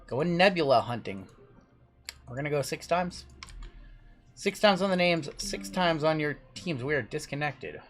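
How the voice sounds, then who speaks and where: A man's voice: fairly high pitch, lively intonation, a little slow, pauses often, a bit bright. A man hosting a live card-break stream in a casual, chatty way. He rattles off long lists of names and teams and answers chat as he goes.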